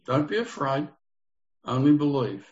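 A man's voice: medium pitch, big pitch swings, measured pace, a little mellow. A man leading an interactive Bible study, explaining the text earnestly and putting questions to his group. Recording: dull lo-fi recording.

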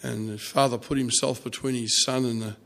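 Man, sermon storytelling, soft-spoken, halting with fillers. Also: medium pitch, fairly even intonation, vocal fry. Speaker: preacher.

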